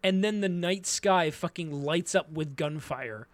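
A man with a high voice talks through an anime plot in loose, rambling casual chat, swearing freely and restarting his sentences. His voice is recorded close and dry, with no room sound around it. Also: a little slow, no room sound. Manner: rambling, profane, many restarts and fillers. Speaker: podcast co-host recapping an anime.

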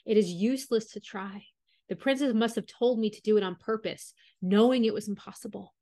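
An earnest young prince from a fairy tale, read by a woman, devoted and a little gloomy. He speaks at a middle pitch, sincerely and without fuss. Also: fairly quick, dark tone, dry recording, clean studio sound, lightly acted.

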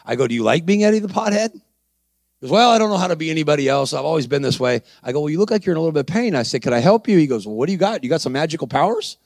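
A man's voice: a little high, lively intonation, rapid-fire, gravelly, dry recording. A man preaching a sermon, acting out dialogue in his story and calling out to the congregation. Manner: acts out dialogue, calls to the crowd.

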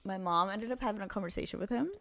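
A woman's voice: medium pitch, rapid-fire, a bit bright. Young woman telling stories, chatty. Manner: chatty storytelling, lots of "like" and "um". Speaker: podcast co-host. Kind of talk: casual chat.

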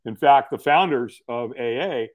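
As a guest on a podcast, a middle-aged man recounts his story casually, earnest and folksy, with repeated words when beginning sentences. He has a mid-range voice and talks a little slowly.

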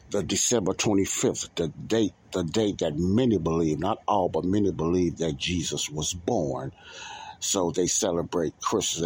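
A man hosting a religious podcast in a casual, rambling monologue. He repeats himself, leans on fillers like "uh" and "you know", and slows down to stress key words. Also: sits low, breathy edge. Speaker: podcast host.

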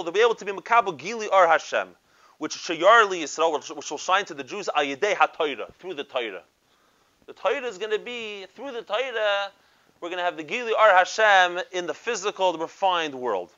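A rabbi gives a Torah lecture in a bright, slightly high voice. He peppers his with Hebrew and Yiddish terms and keeps checking in with rhetorical questions. The recording sounds a bit dull and lo-fi. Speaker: rabbi teaching a class.

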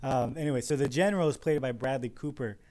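A young man co-hosting a comedy podcast, rambling through a film pitch with many fillers and laughs. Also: fast, darkish tone. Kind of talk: casual improvised comedy chat.

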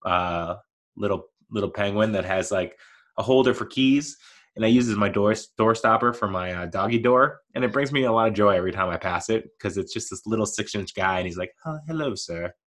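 A man's voice: fairly low pitch, brisk, a bit bright. A man in his thirties talking casually on his own show, rambling and laughing at himself, mild-mannered and never raising his voice. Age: 30s. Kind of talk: casual solo monologue.

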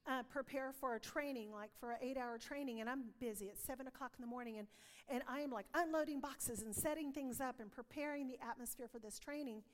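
A woman's voice: high voice, fast, long reverb tail. A woman giving an earnest testimony sermon, telling stories and acting out dialogue. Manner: earnest storytelling, acts out dialogue. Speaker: preacher.

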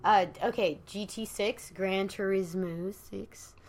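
Casual woman podcast co-host, mid-pitched, chatty and opinionated about games. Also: steady tone, a little mellow. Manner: chatty, quick to call out myths. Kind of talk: casual chat.

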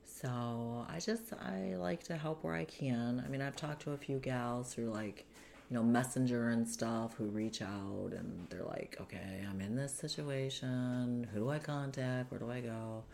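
A woman with a very deep, gravelly-fry voice tells her life story as a guest, at a measured pace and a little mellow. She's chatty and casual, uses many fillers, and acts out the people she quotes.

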